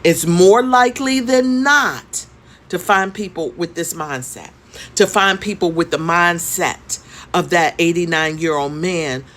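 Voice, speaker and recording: A woman's voice: fairly low pitch, a bit bright. A woman in her fifties telling a story in a conversational, emphatic way, often repeating her points. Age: 50s. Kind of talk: storytime vlog.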